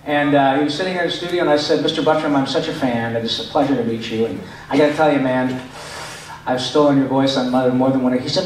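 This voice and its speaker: A man's voice: medium pitch, fast, background noise. Joking middle-aged man in an echoey hall. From Michigan, USA. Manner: animated, joking, chatty. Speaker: voice actor guest answering fan questions. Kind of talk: convention panel Q&A. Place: large convention hall. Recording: echoey hall, picked up from far off.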